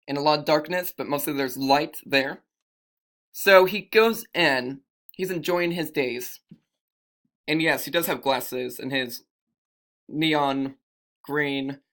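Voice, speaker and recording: A man's voice: on the high side, pushed and bright. A man telling an improvised fantasy story in a rambling way, often correcting himself as he goes.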